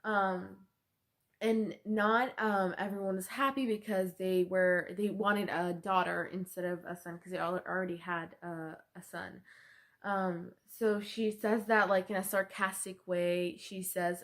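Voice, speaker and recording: A woman's voice: medium pitch, steady tone, measured pace. A young woman student giving a book report presentation, talking hesitantly with many fillers.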